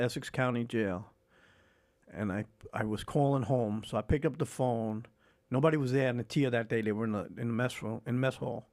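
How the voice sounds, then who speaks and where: Older man, middle-pitched voice, speaking as a podcast guest who tells his life story with raw feeling. He gets animated, acts out the back-and-forth of remembered conversations, and swears without a second thought. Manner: emotional, swears freely. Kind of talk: candid storytelling interview.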